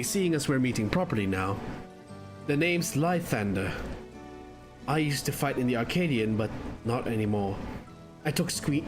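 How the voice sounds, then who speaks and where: A man doing a low, humble ex-arena fighter. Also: natural voice. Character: humble former male arena fighter, now caregiver.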